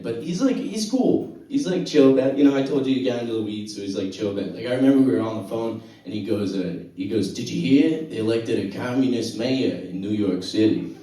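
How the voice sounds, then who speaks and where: A man doing a stand-up comedy set and hosting the show, telling dry stories with sudden loud exclamations, on a handheld mic in a comedy club. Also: mid-range voice, brisk, few pauses. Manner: deadpan storytelling, bursts of loud laughing exclamations. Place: comedy club with live audience. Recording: echoey club, recorded from a distance.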